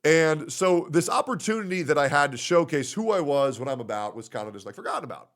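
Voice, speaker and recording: A young man streaming and telling a story to his chat in a loud, animated way, laughing at his own jokes. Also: fairly high pitch, quick pace.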